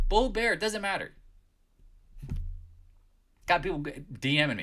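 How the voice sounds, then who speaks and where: A man's voice: fairly high pitch, big pitch swings, moderate pace, pauses often, pushed and bright, slight background noise. A man hosting a live market chat, scolding his viewers and raising his voice as he rants. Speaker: trading channel host.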